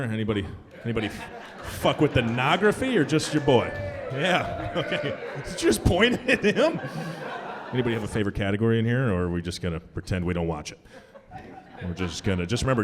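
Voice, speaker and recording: A young man performing a stand-up comedy set, animated, jumping into high-pitched punchlines. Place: comedy club stage. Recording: live club with long reverb.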